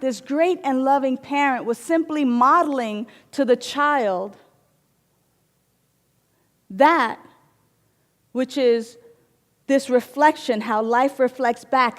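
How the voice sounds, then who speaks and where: Lady minister preaching slow and playful, reverb all over the hall. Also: high voice. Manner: storytelling, playful, emphatic. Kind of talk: sermon. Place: spiritual center hall.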